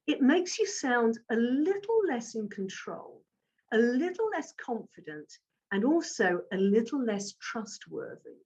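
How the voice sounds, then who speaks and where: A middle-aged woman giving a communication coaching talk to camera, with an emphatic, measured delivery. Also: fairly high pitch, sing-song, a little mellow.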